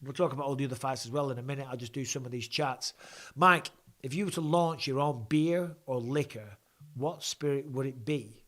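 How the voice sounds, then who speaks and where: A man's voice: medium pitch, brisk, a bit bright. A man hosting a live fan Q&A, talking through a blocked nose in a chatty, off-the-cuff way. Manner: chatty, restarts and asides. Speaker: host. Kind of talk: live reaction and fan Q&A chat.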